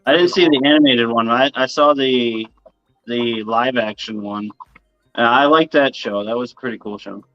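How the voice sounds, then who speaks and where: A man's voice: mid-range voice, moderate pace, fairly bright tone, no echo, muffled recording, faint music behind. A man guest in a casual interview, telling rambling stories and swearing casually.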